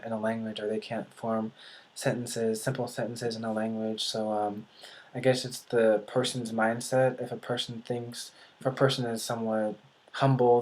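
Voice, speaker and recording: A man talks to camera about language learning in a flat, even voice that barely rises or falls. He feels his way through each point, pausing often and restarting his sentences. A dry sarcastic streak runs under his musing. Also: medium pitch. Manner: hesitant, thinks aloud with many pauses and restarts; dry, self-described sarcastic humor. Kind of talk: casual talk to camera.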